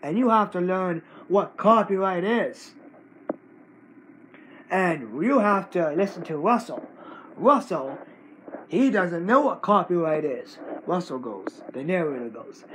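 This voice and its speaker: A man's voice: sits high, animated, takes it slowly, fairly bright tone, slight background noise, poor audio. A man ranting to camera as the channel owner, scolding someone in short, repetitive bursts. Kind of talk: angry rant to camera.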